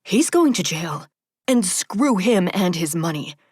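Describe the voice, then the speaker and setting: A woman's voice: lowish voice, sing-song, unhurried, darkish tone, slightly rough, no room sound, clean studio sound, exaggerated voice. A woman voicing an indignant woman doctor. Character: principled woman physician, indignant and heartbroken.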